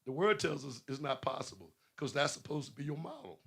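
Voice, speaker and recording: A man's voice: fairly high pitch, big pitch swings, fairly quick, vocal fry, fairly bright tone, breathy edge. A man preaching a sermon, questioning his listeners and building emphasis. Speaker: pastor.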